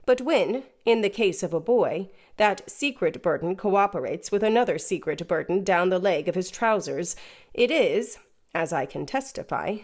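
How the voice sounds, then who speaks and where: Woman reading a classic novel, even and measured, audiobook style. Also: on the low side. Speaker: audiobook narrator. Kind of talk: scripted narration.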